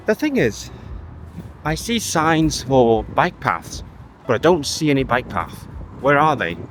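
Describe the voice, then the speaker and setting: A man's voice: mid-range voice, fairly bright tone. A young man vlogging casually, thinking aloud as he walks through town streets at dusk. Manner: chatty, thinking aloud, self-talk while walking. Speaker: language vlogger. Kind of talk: casual vlog monologue. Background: wind, traffic and faint music.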